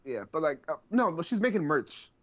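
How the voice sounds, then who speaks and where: Young male co-host, lively pitch, slangy and questioning, lo-fi recording. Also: brisk. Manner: slangy, asks follow-up questions. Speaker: podcast co-host. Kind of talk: casual podcast chat. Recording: dull lo-fi podcast audio.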